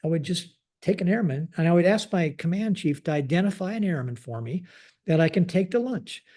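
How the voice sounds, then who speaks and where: A man in his sixties tells stories as a podcast guest in a mellow voice that sits a little high. He talks in a halting way, restarting his sentences and tagging them with a habitual phrase. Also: lively intonation. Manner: halting, frequent restarts, keeps saying "like this". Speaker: podcast guest, retired Air Force general. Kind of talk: conversational storytelling.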